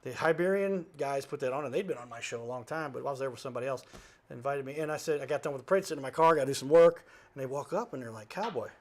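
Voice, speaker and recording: A talk show host, appearing here as a guest, rambles through a story in a mid-range, rapid-fire voice. He's animated, constantly darting into asides and correcting himself, and he laughs as he goes.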